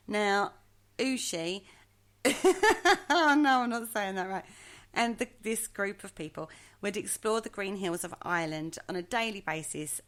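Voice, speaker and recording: A woman's voice: medium pitch, a bit bright. A woman co-hosting a podcast, telling a legend in a chatty, hesitant way and poking fun at her own pronunciation. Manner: hesitant, chatty, self-mocking. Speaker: podcast co-host. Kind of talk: casual storytelling chat.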